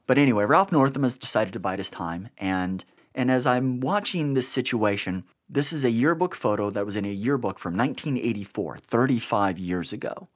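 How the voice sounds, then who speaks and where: A man's voice: mid-range voice, expressive, normal speed, few pauses. A man hosting a podcast, giving blunt, sarcastic political commentary with an exasperated edge. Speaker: podcast host.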